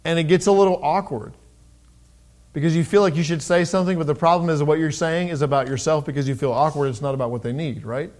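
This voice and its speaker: A middle-aged man preaching a sermon in a conversational way, with pauses and restarts, who raises his voice when he reads scripture. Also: on the high side, darkish tone. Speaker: pastor.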